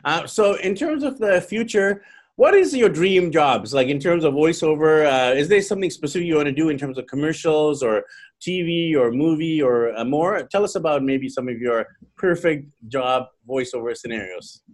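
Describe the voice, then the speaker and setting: Slightly high-voiced male interviewer. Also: animated. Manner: slow, halting questions with fillers. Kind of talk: casual interview questions.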